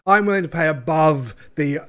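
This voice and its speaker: A man playing a male scammer who gives a falsely sympathetic sales pitch while buying up people's ships. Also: animated, normal speed, sharp tone. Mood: fake sympathy. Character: smooth-talking male ship-buying scammer.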